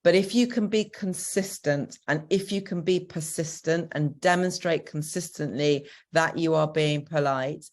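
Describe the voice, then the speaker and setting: A woman's voice: low-pitched, measured pace, hardly any pauses, a little mellow. A woman with a Northern English accent, a co-parenting coach giving practical, encouraging advice in a Q&A, with frequent ums. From Northern England. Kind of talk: answering a question in a Q&A.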